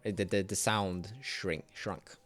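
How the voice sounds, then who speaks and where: A man's voice: sits low, little pitch movement, takes it slowly, fairly bright tone. A man narrating a horror tabletop game as game master, describing scenes to the players.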